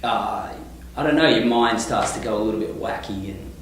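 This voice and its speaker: A man with an Australian accent, a touring singer-songwriter, chatting in a relaxed, rambling way with many fillers. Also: fairly low pitch, moderate pace, a little hiss or hum. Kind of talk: casual interview. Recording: echoey room, mic at a distance.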